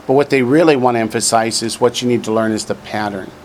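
A man's voice: mid-range voice, fast talker, a little hiss or hum. A man teaching a class from a textbook, drilling vocabulary and adding dry joking asides. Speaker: Hebrew teacher. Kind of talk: classroom lesson, reading from a textbook.

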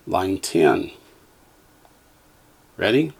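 A man's voice: lowish voice, unhurried, a bit bright. A man teaching a language lesson, carefully enunciating syllables for the listener to repeat and explaining each exercise. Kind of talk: slow drill-style lesson reading.

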